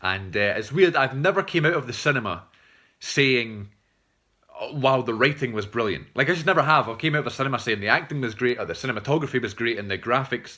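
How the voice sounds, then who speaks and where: A man's voice: mid-range voice, bright, forceful tone. A young man hosting a casual film review, chatty and rambling, swearing freely with lots of fillers and restarts. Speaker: film reviewer, channel host.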